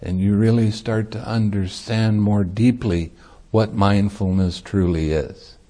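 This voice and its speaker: Male monk, meditation teacher, dharma talk; slow delivery, mellow voice, easy laughter. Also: lowish voice, steady tone. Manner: light-hearted, laughs easily while teaching.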